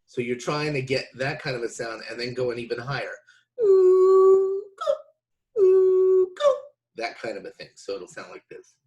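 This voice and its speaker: A man's voice: mid-range voice, brisk, fairly bright tone, lo-fi sound. A man giving a casual video lesson, explaining with loose restarts between demonstrations. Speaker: didgeridoo teacher.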